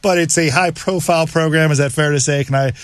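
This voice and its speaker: Fast-talking man with many restarts. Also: fairly high pitch, steady tone. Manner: quick, hesitant, restarts often, laughs along. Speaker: sports podcast co-host. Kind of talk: casual sports chat.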